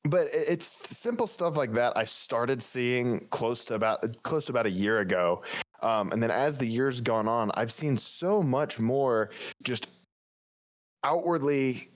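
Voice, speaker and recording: A man's voice: mid-range voice, a little slow. Candid man chatting on a podcast. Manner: chatty, candid, thinking aloud. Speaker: podcast co-host. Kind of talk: casual podcast chat.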